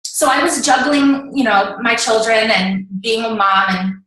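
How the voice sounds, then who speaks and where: Upbeat young woman coach rambling with lots of "like", bright voice, sounds off-mic in an echoey room. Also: fairly high pitch, unhurried, distant mic. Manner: chatty, upbeat, peppered with "like". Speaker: network marketing coach. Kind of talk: casual storytelling to an online audience.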